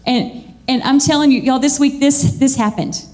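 High-voiced animated woman preacher. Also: moderate pace. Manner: chatty and animated, laughing often, bursting into high excited squeals. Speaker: church speaker. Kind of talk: lively church sermon.

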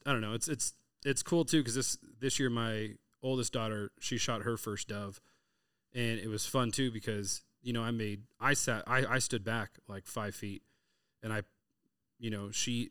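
Casual low-voiced man telling hunting stories. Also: normal speed, clear, resonant tone, no echo, clean studio sound. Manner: storytelling, animated retelling of hunting anecdotes with quoted dialogue. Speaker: podcast host. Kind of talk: casual chat.

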